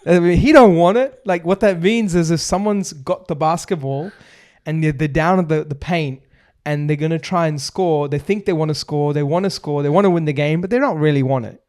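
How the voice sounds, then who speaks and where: A man's voice: a little high, fairly quick, a little mellow. A man, a property agency founder explaining investing on a podcast in emphatic runs of points. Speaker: buyer's agency founder, guest. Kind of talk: fast explanatory podcast talk.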